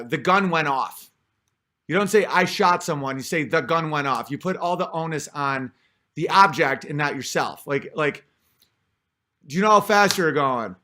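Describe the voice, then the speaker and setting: A man's voice: fairly high pitch, fairly bright tone, slight background noise. A man talking in a casual spoken monologue, rambling with many fillers and restarts.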